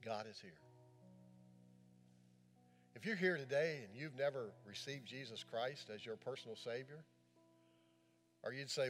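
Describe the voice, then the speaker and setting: A man preaching as a pastor, impassioned in the sermon and then hushed and gentle as he leads a prayer. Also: medium pitch, unhurried, pauses often, soft background music. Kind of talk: sermon with altar call prayer.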